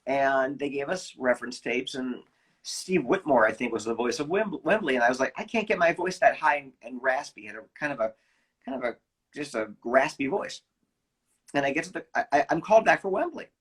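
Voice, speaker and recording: Husky-voiced man telling lively stories. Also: mid-range voice. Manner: animated anecdotes with quick restarts. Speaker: voice actor guest. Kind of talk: casual interview storytelling.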